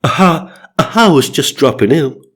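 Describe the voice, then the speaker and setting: A man's voice: on the high side, lively intonation, normal speed, husky, voice pushed up. A man voicing a goofy male celebrity ghost with hiccuping "aha" tics. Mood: chirpy.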